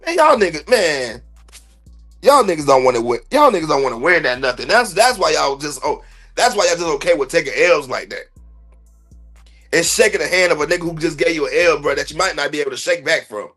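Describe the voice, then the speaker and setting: A man's voice: fairly high pitch, animated, fairly quick, sharp tone, faint music behind. A man hosting a sports podcast livestream, ranting bluntly and profanely in heavy slang. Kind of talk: heated livestream sports rant.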